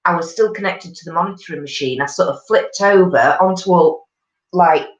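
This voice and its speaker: A gossipy woman in her forties chats on a live stream, reading out comments and answering them warmly. Her voice sits fairly low. The sound is dull and lo-fi, in a roomy, echoey space. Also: normal speed. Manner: chatty and gossipy, with many ums. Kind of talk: casual chat reading out viewer comments.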